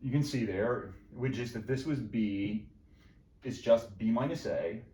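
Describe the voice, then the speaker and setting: A man's voice: medium pitch, a little slow, dark tone. Echoey male math lecturer. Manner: repeats phrases, jokes with students, talks to himself while writing. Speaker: math professor. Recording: roomy echo.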